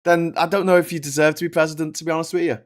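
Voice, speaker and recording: A man's voice: a little high, flat delivery, rapid-fire. A man hosting a political livestream, ranting in an exasperated, sweary way. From United Kingdom.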